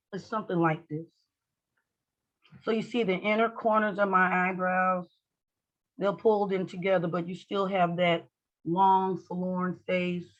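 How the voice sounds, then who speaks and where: A woman's voice: on the low side, fairly bright tone, rough recording. A woman leading an online class in a lecture style. She is playful and acts out facial expressions with joking lines. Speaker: instructor.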